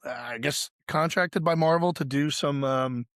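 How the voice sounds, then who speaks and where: Higher-voiced, joking podcast host. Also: male voice, moderate pace, fairly bright tone, clear, resonant tone, dry recording, clean studio sound. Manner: loose, profane, joking. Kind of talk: casual podcast chat.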